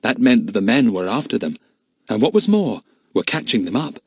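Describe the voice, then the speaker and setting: Lively male storybook narrator. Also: mid-range voice, moderate pace, breathy edge, dry recording. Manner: lively, expressive reading. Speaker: audiobook narrator.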